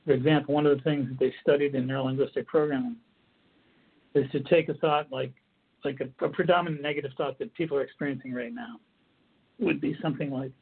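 A man's voice: mid-range voice, fairly even intonation, quick pace, vocal fry, slightly rough. A man giving an earnest instructional talk on coping techniques, often restarting his phrases as he explains. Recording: tinny phone-like audio.

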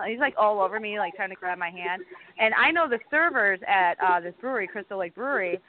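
Young woman on a tinny phone-like line, lively storytelling, swears a lot. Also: mid-range voice, a little fast, a little hiss or hum. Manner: animated, swearing, acting out quotes. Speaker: guest. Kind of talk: casual storytelling chat.

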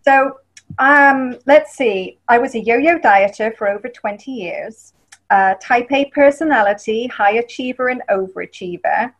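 A woman's voice: a little high, a little slow, poor audio. A woman in her fifties with an English accent, telling her story candidly as a guest on a radio interview. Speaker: guest, wellness author.

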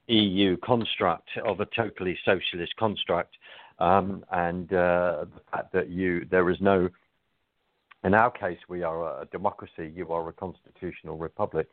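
A man with a very low voice comes through a thin, tinny phone line. He speaks earnestly as a guest on a political talk radio interview, pausing and reaching for his words. The sound is dry and close. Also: dry recording.

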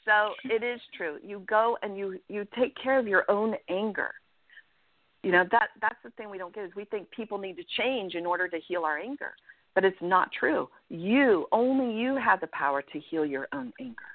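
A woman life coach giving earnest, animated advice as a guest in an interview, often checking in with "right?". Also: medium pitch, moderate pace, no echo. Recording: dry, tinny phone-line sound.

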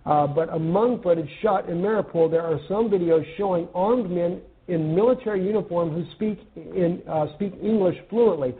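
An American man discusses news articles earnestly and conversationally, stopping to think partway through sentences. His voice is slightly high for a man, and the audio sounds narrow and tinny, like a phone call.

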